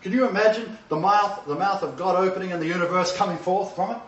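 An older male preacher delivering a sermon with a slightly high voice. He lurches from emphatic, raised outbursts to soft, low murmurs. The sound is roomy and distant, picked up from across a reverberant space. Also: quick pace. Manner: dramatic swings between loud emphatic bursts and hushed low asides. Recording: roomy, distant, dull-sounding hall recording.

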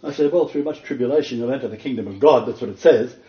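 A man preaching a sermon as pastor, animated and emphatic, often breaking into laughter. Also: mid-range voice, fast talker, reverberant, dull audio.

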